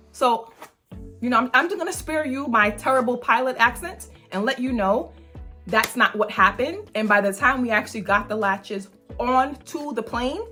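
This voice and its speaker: A woman's voice: a little high, pushed and bright. A middle-aged mother telling a travel story in a casual, chatty way, sometimes acting out the people she quotes.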